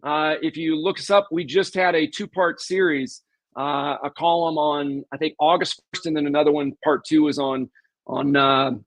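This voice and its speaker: A man's voice: fairly high pitch, steady tone, moderate pace, no echo. A man from southwest Missouri, a podcast guest, emphatically explaining sales scripts with examples and questions to the host. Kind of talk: casual interview talk.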